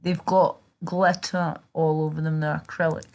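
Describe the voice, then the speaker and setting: A woman's voice: sits low, flat delivery, normal speed, a little mellow. A young British woman chatting casually on a livestream, chatty and sweary, reading and answering her chat. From Britain. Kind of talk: casual live-stream chat.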